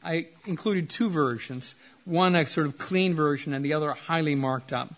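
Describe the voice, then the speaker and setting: A man lecturing on poetry in a somewhat high voice. He speeds up in excited runs and then drops to slow, quiet asides. He talks to a class about reading a poem. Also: slight background noise. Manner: animated, with quick bursts and slow trailing asides; reading poems aloud with expressive dips in volume.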